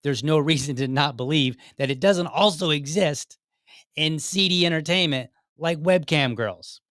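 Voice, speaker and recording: A man's voice: a little high, normal speed, fairly bright tone, no echo, clean studio sound. A man hosting a podcast, giving direct, argumentative commentary and often repeating himself as he builds a point. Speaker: podcast host. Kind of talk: commentary on a played clip.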